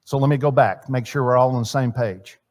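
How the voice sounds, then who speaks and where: A man teaching a church marriage seminar in a sermon style, swinging between loud emphasis and quiet asides and asking his audience questions. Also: medium pitch, brisk. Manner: chatty, asks the audience questions. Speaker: seminar speaker. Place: church hall.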